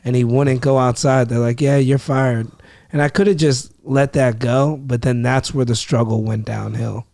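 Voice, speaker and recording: A man's voice: mid-range voice, fairly even intonation, moderate pace, gravelly, few pauses, a little mellow, dry recording, clean studio sound. A young man from Ohio, a comedian, telling a story in casual podcast talk, acting out quotes and swearing freely. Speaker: comedian guest.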